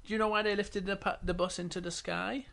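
A man's voice: high-pitched, little pitch movement, fast, gravelly, sharp tone. A father playfully improvising a bedtime story for his child, stopping to ask the child questions.

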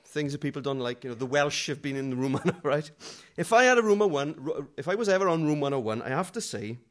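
A middle-aged man's slightly high voice takes big pitch swings as he preaches at a brisk clip. The sermon is light and funny, mixing murmured asides with loud, dramatic readings.

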